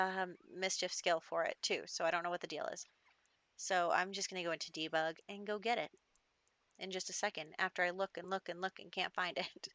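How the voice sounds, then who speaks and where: A woman's voice: lowish voice, a bit bright, dry recording, muffled recording. A young adult woman giving casual gameplay commentary, chatty and laughing often, with lots of fillers. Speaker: gaming YouTuber.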